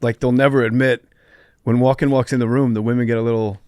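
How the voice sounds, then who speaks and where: A man hosting a podcast, telling comedy stories in a casual, animated way with crude humor. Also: medium pitch, fast talker, clear, resonant tone, no room sound, clean studio sound. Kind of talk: casual chat.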